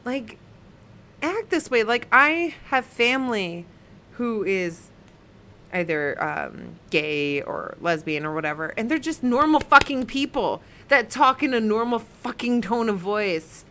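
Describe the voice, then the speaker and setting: A woman's voice: on the high side, sing-song, measured pace, sharp tone, slight background noise. A woman co-hosting a casual podcast, ranting heatedly and swearing a lot as she reads viewer comments. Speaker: podcast co-host.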